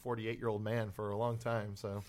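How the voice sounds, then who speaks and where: A man's voice: fairly low pitch, little pitch movement, normal speed, a little mellow. A man in his twenties co-hosting a podcast, rambling and self-deprecating with lots of fillers. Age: 20s. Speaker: podcast co-host. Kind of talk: casual chat.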